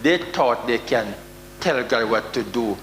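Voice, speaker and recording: A man with a Jamaican accent preaching a sermon, with sudden loud outbursts and mock prayers. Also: medium pitch, lively intonation, unhurried, faint music behind. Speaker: prophet preaching. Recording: echoey hall with faint hum.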